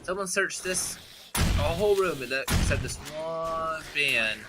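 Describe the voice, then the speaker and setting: A man's voice: a little high, unhurried, over music. A man hosting a co-op gaming session, casually explaining game mechanics to his friends. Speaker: co-op gameplay host. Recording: faint background noise.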